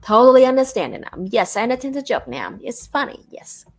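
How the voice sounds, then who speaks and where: A Vietnamese woman with a Vietnamese accent chats casually on a livestream, her voice on the high side, sing-song and a little quick. She's a streamer who talks in a chatty way, peppering her speech with "like" and "you know."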